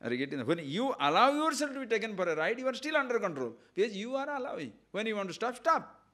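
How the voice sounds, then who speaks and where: A man's voice: high voice, sing-song, quick pace, sharp tone. A man, a spiritual teacher giving an emphatic discourse on scripture and posing frequent rhetorical questions.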